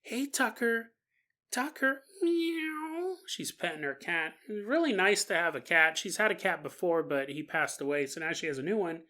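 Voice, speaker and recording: Woman, podcast host, casual spooky storytelling, joking, acts out characters, bright tone. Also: deep voice, a little fast, few pauses. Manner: chatty and joking, acting out the people in the story. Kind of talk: casual paranormal story narration.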